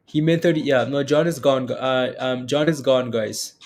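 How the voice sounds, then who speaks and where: Reading live comments aloud, a man talks casually with his stream viewers about crypto prices, often tacking "right?" onto what he says. His mid-range voice moves at a normal speed and sounds a little mellow.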